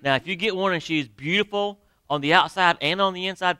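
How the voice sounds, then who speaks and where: A man preaching a sermon to his congregation, emphatic, with sudden drops to near quiet and direct questions to the listeners. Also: high-pitched, brisk, clean tone, no room sound. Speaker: pastor. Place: church sanctuary.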